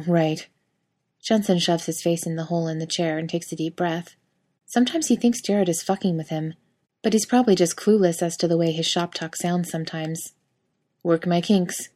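A woman narrating a fiction audiobook in a slightly low voice. She reads in an even, steady way, keeping a calm storytelling pace.

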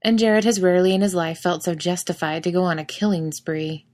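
Woman narrating a story, wry sardonic delivery, bit of a low voice. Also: steady tone, fairly quick, a little mellow.

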